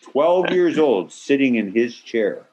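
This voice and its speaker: An older man on a video call telling an animated anecdote, acting out quotes with swearing and sudden loud bursts. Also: medium pitch, slow pace. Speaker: actor interview guest. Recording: slightly muffled video-call audio.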